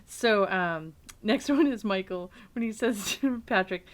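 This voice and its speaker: A woman's voice: medium pitch, lively intonation, a little slow. A woman co-hosting a casual podcast chat, reading out film quotes and laughing between them. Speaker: podcast co-host.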